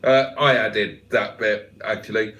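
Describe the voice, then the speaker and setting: A man's voice: lowish voice, fairly even intonation, unhurried, fairly bright tone, echoey room, highs cut off. An older man hosting a livestream, reading out viewers' comments with jokey, self-deprecating banter. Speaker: livestream host. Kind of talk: casual live chat, reading out comments.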